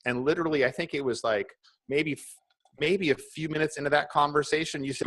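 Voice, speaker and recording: Casting note: mid-pitched male co-host, lively and teasing. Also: brisk. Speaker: podcast co-host. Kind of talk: casual storytelling chat.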